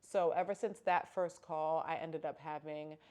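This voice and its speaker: A woman's voice: sits low, fairly even intonation, unhurried, a little mellow. A young woman telling a personal story in a casual, candid vlog, with emphatic exclamations. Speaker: vlogger.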